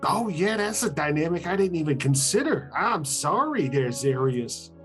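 A man's voice: fairly high pitch, sing-song, normal speed, fairly bright tone, soft background music. A man in a casual tabletop-game podcast, talking in a rambling, hesitant way with frequent laughs.

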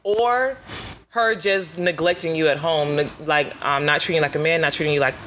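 A woman hosting a casual talk show, frank and quick to laugh, putting pointed questions to her guests. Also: low-pitched, fairly bright tone, a little hiss or hum. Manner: frank, laughs easily, asks probing questions. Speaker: podcast host. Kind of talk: casual chat.

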